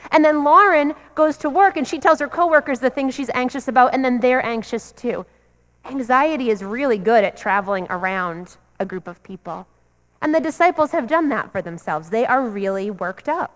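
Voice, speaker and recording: Woman, pastor, earnest repetitive sermon cadence, high voice, echoing sanctuary. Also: lively intonation, normal speed, a bit bright. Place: church sanctuary. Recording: long church reverb.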